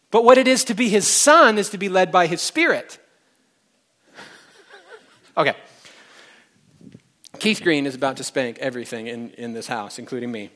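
A man's voice: a little high, lively intonation, normal speed, pauses often, a bit bright. A man preaching a conversational sermon to a live congregation, chatting directly with the people in the room.

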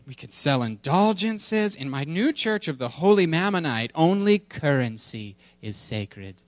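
Rich: A man putting on a cheeky little cartoon girl, pitched high and squeaky, and bursting with eager, rapid questions. Her voice sounds dry and close. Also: very animated, no room sound.

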